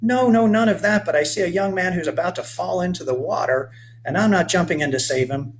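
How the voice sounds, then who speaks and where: A man's voice: high-pitched, brisk, slight background noise, pitched above the performer's own voice, close to an everyday voice. A man doing a teasing storybook mother. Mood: scolding. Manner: exclaiming, teasing. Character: protective young mother, teasing and alarmed.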